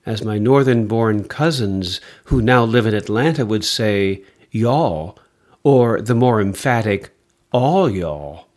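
A man reading scripture and preaching a sermon in a measured, expressive way. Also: mid-range voice, husky. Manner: slow, measured and expressive delivery.

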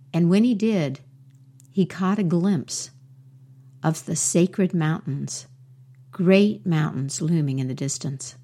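Woman, storyteller, folk tale, unhurried, lowish voice. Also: darkish tone.

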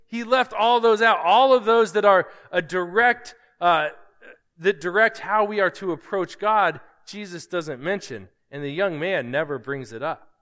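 A man's voice: high voice, measured pace, a bit bright, in a large hall. A man pastor preaching a sermon, emphatic, often asking his listeners rhetorical questions.

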